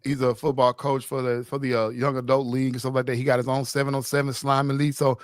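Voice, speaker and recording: A man hosts a casual sports talk show, rambling a little as he reads out listener comments. His voice sits at an ordinary middle pitch. The sound is close and dry, with no room around it. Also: little pitch movement, quick pace, clean tone, no room sound. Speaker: podcast host.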